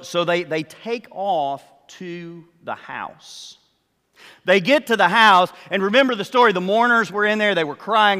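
An older man preaching a sermon, telling the story slowly and acting out what the characters say. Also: high voice, sharp tone, in a large hall. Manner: slow storytelling, acts out the characters' words. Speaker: pastor.

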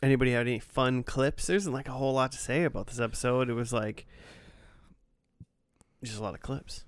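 A man hosting a podcast, talking in a relaxed, chatty way about a TV episode. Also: mid-range voice, fairly quick, clean tone, no room sound, clean studio sound. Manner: relaxed, chatty, quotes scenes with raised voice. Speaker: podcast host. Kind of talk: casual chat.

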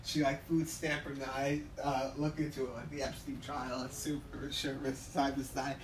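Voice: flat delivery, normal speed. Rambling, foul-mouthed ranter, recorded from afar. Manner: swears freely and acts out quoted exchanges; swings between loud outbursts and low mutters. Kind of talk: rambling profane rant. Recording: distant from the mic, faint background noise.

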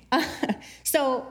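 A woman giving a casual, chatty Bible teaching, animated, with many "like" fillers and frequent laughs.

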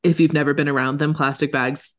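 Chatty, animated woman telling stories. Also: low voice, fast talker. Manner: animated, chatty, swears casually, laughs often. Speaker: podcast co-host. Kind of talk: casual storytelling chat.

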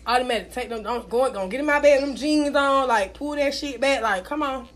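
A young woman in casual chat, telling stories loudly and brashly with plenty of cussing. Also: sits high, brisk, a little hiss or hum. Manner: loud, brash storytelling, cussing freely.

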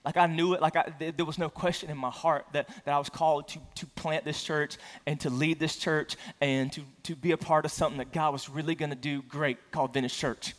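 High-voiced male pastor in a reverberant church. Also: fairly even intonation, a little fast, few pauses. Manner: casual storytelling with self-deprecating humor. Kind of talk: conversational sermon. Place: church sanctuary. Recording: long hall reverb.

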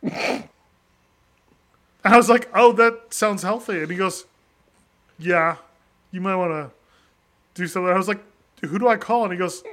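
A man's voice: sits high, moderate pace, pauses often, bright, forceful tone. A man co-hosting a casual podcast, telling a rambling story full of restarts and laughter. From New England. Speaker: podcast co-host.

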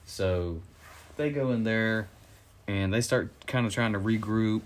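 A man's voice: on the low side, measured pace. Man animatedly retelling a movie plot. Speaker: co-host reviewing a movie. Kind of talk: casual chat.

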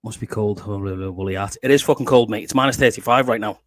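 A man's voice: on the low side, fast, no room sound. A man with a Liverpool accent hosts a live stream in a loose, chatty way. He swears freely and laughs a lot. The recording is dry and close, with no room sound. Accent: Liverpool English. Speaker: podcast host. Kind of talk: casual live stream chat.

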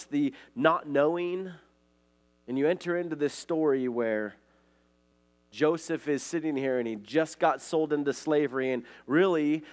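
A man from Montana, preaching a conversational sermon and telling stories in a casual way, often saying "like" and "right?". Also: on the high side. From Montana, USA. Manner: casual storytelling, frequent "like" and "right?". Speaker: pastor.

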